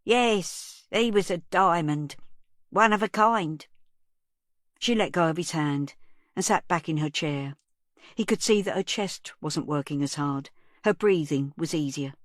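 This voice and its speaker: A woman with a deep voice narrates an audiobook, reading a script in a calm, even storytelling style. The recording is dry and clean, like a studio.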